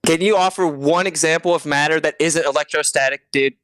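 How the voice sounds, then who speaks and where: A man with a smooth, somewhat high voice argues defensively in an online debate and often breaks off mid-sentence. The sound is dry. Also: fairly even intonation, brisk, a bit bright, no echo.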